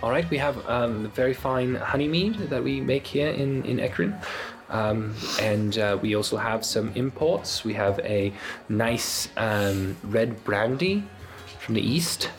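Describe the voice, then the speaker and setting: A man's voice: medium pitch, a little slow, faint music behind, natural voice. A man voicing a flustered little gnome girl innkeeper who stammers as she takes orders in a tabletop game. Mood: flustered eager. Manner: stammering, fussing over orders.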